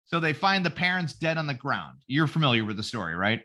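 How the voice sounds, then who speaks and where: A man's voice: mid-range voice, very animated, a little fast, bright, forceful tone. A man on a podcast, retelling a story as a profane comedy bit with silly voices for each character. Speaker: podcast host. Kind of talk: casual comedic podcast chat.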